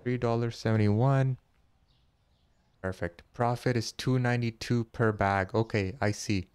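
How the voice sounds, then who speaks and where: A man hosting a casual let's-play, chatty and jokey, thinking aloud and counting money out loud as he goes. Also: mid-range voice, steady tone, unhurried, smooth, dry recording. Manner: jokey, easily startled. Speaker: gaming channel host.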